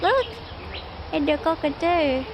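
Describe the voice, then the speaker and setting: A young woman with an Australian accent reacts on a live stream in a high voice. She speaks at an unhurried pace, breaking into exclamations and laughter as she comments. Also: lively intonation, noisy background. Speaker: VTuber streamer.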